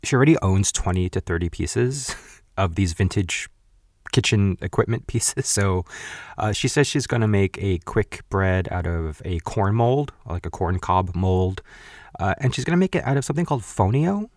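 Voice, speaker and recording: A man's voice: sits low, animated, normal speed, a little mellow, dry recording, studio quality. A man in his thirties hosting a podcast, casually recapping a cooking show, chatty with frequent laughs and blunt asides. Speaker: podcast host.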